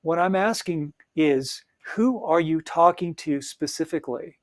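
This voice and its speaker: A man's voice: fairly high pitch, measured pace. A man hosting a solo coaching podcast, talking earnestly and encouragingly to authors, with frequent fillers and emphatic repetition. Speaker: podcast host and audiobook coach.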